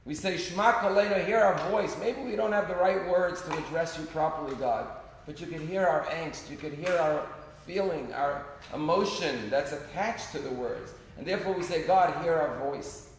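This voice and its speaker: In a synagogue sanctuary, a man delivering a sermon as a rabbi tells stories earnestly, his volume swelling and dropping. He speaks at normal speed in a voice on the high side, and the room's long reverb and faint noise give an echoey sound.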